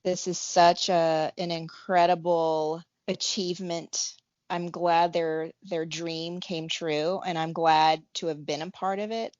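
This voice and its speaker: A woman co-hosting a fan podcast, speaking in a heartfelt, unhurried way. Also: sits low, a little mellow, no room sound. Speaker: podcast co-host. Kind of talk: casual fan podcast chat. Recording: dull lo-fi dry recording.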